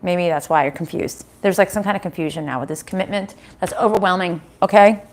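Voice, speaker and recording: A woman's voice: on the low side, fairly quick, a little mellow. A middle-aged woman giving a casual live-stream tarot reading from home, chatty, swearing now and then and laughing often.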